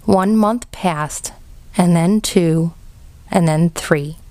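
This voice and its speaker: A woman reads a storybook aloud very slowly, in a gentle and measured way. Her voice sits low for a woman, and the close recording is dry, with no room sound. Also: dry recording. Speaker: audiobook reader. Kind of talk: storybook narration.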